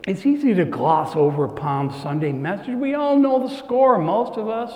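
A pastor preaches in a high voice and a slow, deliberate tempo, shifting between hushed asides and emphatic declarations. His sermon rings through a roomy sanctuary with a long reverberant tail. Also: expressive. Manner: earnest, swings from hushed to emphatic. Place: church sanctuary. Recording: echoey hall, long reverb.

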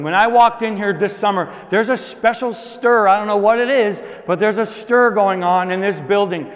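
A man with a high voice preaches in a long, echoing church hall. He talks to the congregation in a conversational way, with bursts of loud emphasis and quiet, hushed asides. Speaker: pastor. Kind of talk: sermon.

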